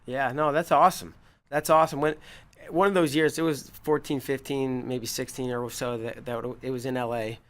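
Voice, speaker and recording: A man hosting an interview in casual chat, telling stories with relaxed energy. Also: medium pitch, normal speed. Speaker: show host.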